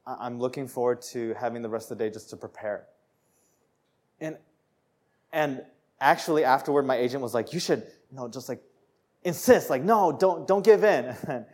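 A young man preaching a sermon, telling a personal story with laughter and rising to joyful shouts. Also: medium pitch. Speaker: pastor.

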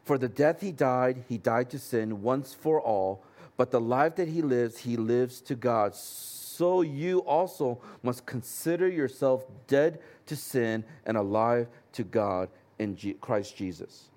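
A man's voice: mid-range voice, animated, slow pace, darkish tone. A man pastor preaching a sermon in an earnest, conversational way with light humorous asides.

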